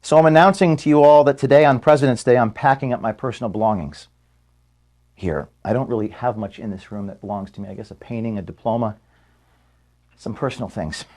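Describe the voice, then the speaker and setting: A man records a farewell statement for his staff in an office room. His voice sits at an ordinary middle pitch, and his delivery is earnest and measured. When he is moved he turns quiet and halting. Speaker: organization founder addressing staff.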